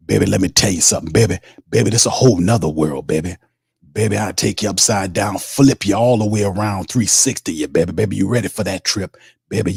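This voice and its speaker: A man voicing a smooth-talking male preacher who calls everyone baby in a drawl. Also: low-pitched, a little mellow, no echo, clean studio sound, full character voice. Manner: drawling, repeats "baby" constantly.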